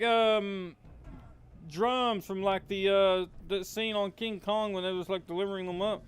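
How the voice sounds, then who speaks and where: A young man hosting his gaming channel, rambling to himself as he plays and quickly getting alarmed. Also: high-pitched, steady tone, clean tone, soft background music. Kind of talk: game commentary.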